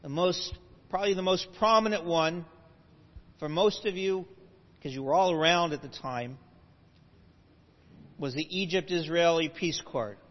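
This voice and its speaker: Unhurried and leaving long pauses, a high-voiced man patiently lectures a live audience, drifting into asides and correcting himself along the way. The sound is muffled and lo-fi, with a long hall reverb.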